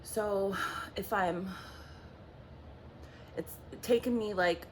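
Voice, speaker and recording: A woman psychic medium talks from home in an intense, halting monologue. She speaks slowly, breaks off and restarts often, and flares into angry bursts. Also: medium pitch, slight background noise. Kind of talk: emotional spoken monologue.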